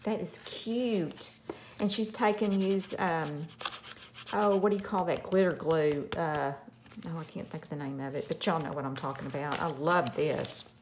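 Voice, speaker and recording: A woman's voice: low-pitched, moderate pace, background noise. A woman hosting a craft channel, gushing over a parcel in a casual unboxing chat with frequent gasps.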